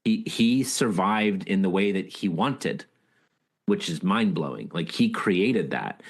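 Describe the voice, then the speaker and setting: Male author guest, very low voice, earnest, reflective storytelling. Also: expressive, slow, husky. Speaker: author and leadership speaker, guest. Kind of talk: casual interview storytelling.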